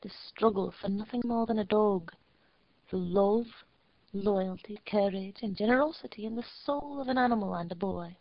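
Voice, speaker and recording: A woman narrating a storybook in a measured, steady reading voice. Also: mid-range voice, dry recording, dull audio.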